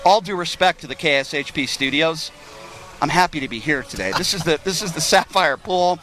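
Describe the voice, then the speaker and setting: Brief: joking male host on a live outdoor broadcast, bright forceful voice, slightly high. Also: brisk, soft background music. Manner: chatty, joking, rambling. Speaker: radio show host. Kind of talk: casual live broadcast chat. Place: outdoor pool at a Las Vegas club.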